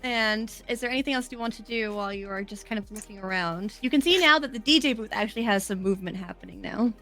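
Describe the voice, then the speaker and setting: Bright-voiced woman game master. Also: medium pitch, fast talker, faint music behind. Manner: laughs often, casual and easygoing. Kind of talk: narrating a tabletop game.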